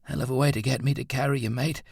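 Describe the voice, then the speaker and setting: A man voicing Roland, a gruff, swearing man who talks his wounded dog through a crisis, in an audiobook. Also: medium pitch, steady tone, fast talker, darkish tone, no room sound, studio quality, pitched above the performer's own voice. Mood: coaxing.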